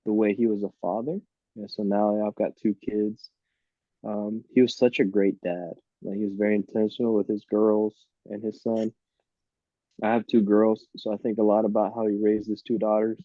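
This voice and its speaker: A man in his thirties from Miami, a podcast guest telling lively, laughing stories about his college baseball days. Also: fairly low pitch, dry recording, narrow, tinny audio. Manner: lively, laughing anecdotes with quoted voices. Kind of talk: casual storytelling on a podcast.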